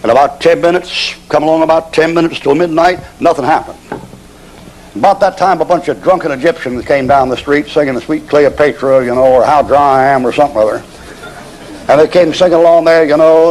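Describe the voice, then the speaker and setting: Folksy, joking preacher with a higher voice. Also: male voice, lively intonation, brisk, long pauses, darkish tone, slight background noise, rough recording. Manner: folksy, humorous, drawling storyteller. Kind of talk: sermon with storytelling.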